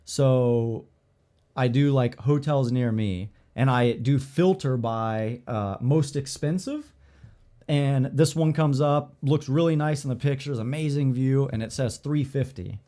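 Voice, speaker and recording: Animated man telling a story. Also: medium pitch, unhurried. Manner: animated, swears freely, acts out quoted dialogue; filler-heavy, lots of "like" and "I'm like". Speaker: podcast co-host telling a story. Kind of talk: casual storytelling chat.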